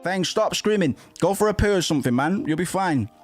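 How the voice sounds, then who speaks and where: A man's voice: high voice, expressive, fairly quick, faint music behind. A man giving casual, irreverent and jokey commentary while streaming a video game. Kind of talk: casual let's-play commentary.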